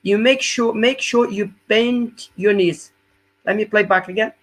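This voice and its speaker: Husky man coaching a fitness webinar. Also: high-pitched, steady tone, unhurried, fairly bright tone. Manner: explains step by step, often checking in with "yeah?"; non-native English phrasing. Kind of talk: live webinar instruction.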